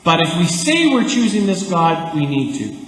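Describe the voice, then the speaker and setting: A man from Canada preaching a sermon as pastor, conversational and animated, with lively asides. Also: sits high, moderate pace, slight background noise. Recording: echoey church hall.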